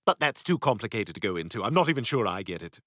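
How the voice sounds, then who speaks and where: A man's voice: on the low side, big pitch swings, fast, a bit bright, no echo, studio quality. An actor voicing a snobbish, catty toddler boy who talks in a pompous, sarcastic way. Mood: indignant.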